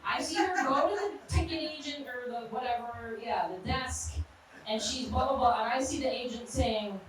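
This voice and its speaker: A woman's voice: fairly high pitch, animated, measured pace, heavy reverb, distant mic, background noise. A woman in her thirties performing a brash, punchy stand-up set in a live comedy club. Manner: brash, punchy storytelling with crude jokes.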